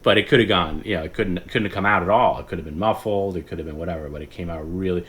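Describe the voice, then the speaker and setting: Low-voiced rambling man on a stream. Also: rapid-fire, a bit bright. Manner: rambling, laughs often, mimics others in whispers. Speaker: podcast host. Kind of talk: casual late-night stream chat.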